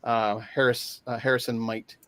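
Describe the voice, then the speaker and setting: A man chatting casually as a guest, talking haltingly with many fillers and restarts over a video call. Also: mid-range voice, level tone, a bit bright, no room sound. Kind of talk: casual chat.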